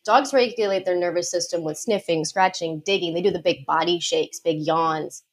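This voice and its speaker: A woman's voice: fairly low pitch, moderate pace. A woman guest on a podcast interview, a dog behavior consultant explaining things confidently with light laughs.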